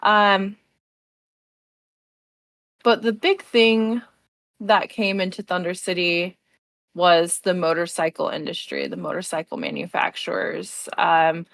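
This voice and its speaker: A woman running a tabletop game as storyteller, slowly describing the setting with many pauses. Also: lowish voice, lively intonation, vocal fry, fairly bright tone, no room sound. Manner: unhurried, filler-heavy setting description. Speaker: game master.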